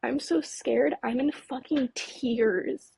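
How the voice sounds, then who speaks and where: A young woman from California, nervous and shaky, tells her story in a breathy, slightly high voice, tripping over words and restarting sentences. Her voice trembles with fear. The sound is dry and close. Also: slow, a little mellow, no echo, poor audio. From California, Mojave Desert. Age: late 20s. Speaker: guest, UFO researcher. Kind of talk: interview, recounting an experience.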